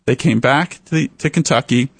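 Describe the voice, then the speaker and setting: A man, an author, telling stories in an interview in an animated way. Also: a little fast, creaky, breathy edge, dry recording. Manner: animated, voices the people in his stories with raised pitch. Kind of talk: storytelling in a radio interview.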